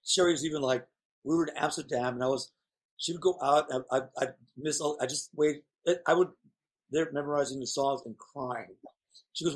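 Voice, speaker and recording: A man's voice: on the high side, brisk. A man chatting as a guest, telling rambling, candid stories in a playful way. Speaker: guest performer. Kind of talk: casual chat.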